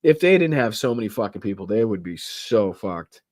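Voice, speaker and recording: Boston male host, lowish voice, dry close sound, sarcastic and profane, reads headlines with asides. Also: very animated, moderate pace, a little mellow, dry recording. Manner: profane, sarcastic, laughs at the news; reads news aloud with stumbles and asides. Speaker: political talk show host. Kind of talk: live-stream political commentary.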